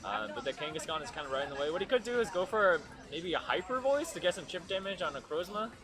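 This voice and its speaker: A man's voice: a little high, big pitch swings, fast, crowd noise. A man giving casual live play-by-play commentary on a competitive video game match, with frequent fillers. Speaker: esports commentator. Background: music playing nearby.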